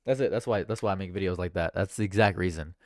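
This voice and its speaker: A man's voice: sits low, quick pace, a little mellow, no echo, clean studio sound. A man streaming live from home, ranting sarcastically and repeating himself into a USB condenser mic. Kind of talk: livestream commentary. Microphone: condenser USB microphone.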